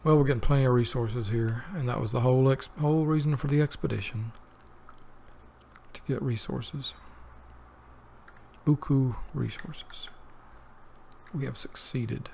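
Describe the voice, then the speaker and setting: A man's voice: medium pitch, measured pace, creaky, pauses often, darkish tone, a little hiss or hum. A man hosting a let's play, chatting casually to himself as he plays and drifting between the game and personal tangents. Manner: rambling, talks to himself while playing. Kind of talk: casual gameplay commentary.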